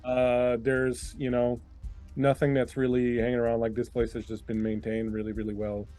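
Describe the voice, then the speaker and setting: A man narrates a tabletop role-playing session as its game master. He talks in a loose, rambling way, full of "uh" and "like," at a mid-range pitch. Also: completely flat delivery, moderate pace, warm tone, soft background music.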